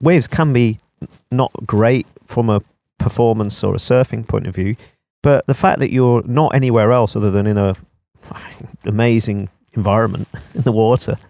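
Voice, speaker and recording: A man's voice: fairly low pitch, normal speed, vocal fry, hardly any pauses, a little mellow, no room sound. Rambling male podcast co-host. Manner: rambling, thinks aloud in loose trailing sentences. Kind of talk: casual podcast banter.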